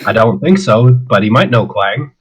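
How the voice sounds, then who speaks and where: A man playing a tabletop game, describing his character's actions in a relaxed, joking way. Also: medium pitch, normal speed, rough recording. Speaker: player. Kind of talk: casual tabletop play.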